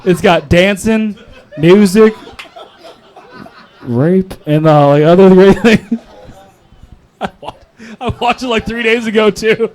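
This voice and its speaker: A man's voice: high voice, takes it slowly, long pauses, a little mellow. A young man from North Carolina with a Southern accent, doing crude, rambling, self-mocking open-mic stand-up. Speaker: stand-up comic.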